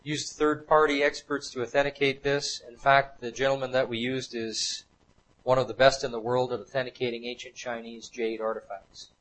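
A man lectures to a live audience through a series of slides, hammering home each point by repeating it. His voice sits in an ordinary middle pitch, and his delivery is emphatic and insistent. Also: flat delivery, normal speed, fairly bright tone, poor audio.

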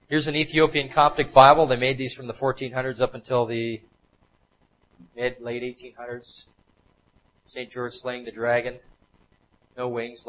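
A man's voice: medium pitch, a bit bright, poor audio. A man giving a slide lecture to a live audience, talking emphatically and repeating his points over and over.

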